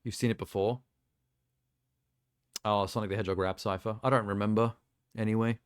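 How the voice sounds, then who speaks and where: A man's voice: lowish voice, steady tone, brisk, clean tone, no echo, studio quality. A man streaming live, chatting casually as he reacts to videos and rants with exasperated critique.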